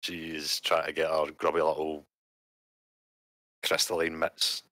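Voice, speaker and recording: A man playing a tabletop game, speaking in a halting, hesitant way with many "uh"s and restarts. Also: a bass voice, completely flat delivery, pushed and bright, no room sound. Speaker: player. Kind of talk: casual in-character roleplay over a call.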